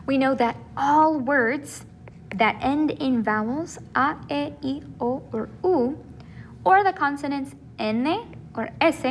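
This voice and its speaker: A woman's voice: high voice, slight background noise. A woman teaching in a recorded video lesson, explaining step by step in a patient, encouraging way. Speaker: Spanish teacher.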